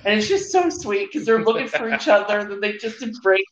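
A woman's voice: mid-range voice, a little fast. A woman co-hosting a casual movie chat, telling trivia at length and acting out the quotes she tells. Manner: animated storyteller who acts out quotes. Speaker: podcast co-host. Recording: roomy, dull lo-fi sound.

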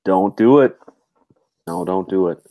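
A man's voice: low voice, measured pace, mellow. A man hosting a casual podcast over a video call, easygoing and curious, often calling his co-host "dude".

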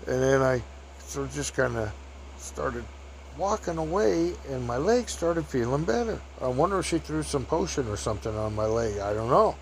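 A man's voice: mid-range voice, vocal fry, slight background noise. Folksy rambling man telling a story. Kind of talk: casual storytelling.

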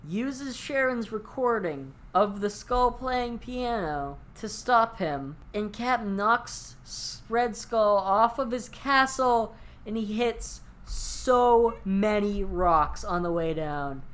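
A woman co-hosting a podcast in casual chat, telling stories excitedly and laughing often. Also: mid-range voice. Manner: excited, laughing, fast storytelling. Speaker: podcast co-host.

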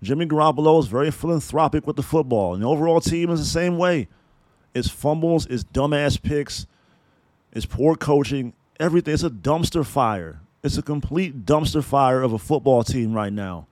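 A man's voice: on the high side, animated, normal speed, a little mellow, no room sound. A man hosting a sports podcast, delivering a blunt, profane, fired-up rant about his team. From San Francisco Bay Area.

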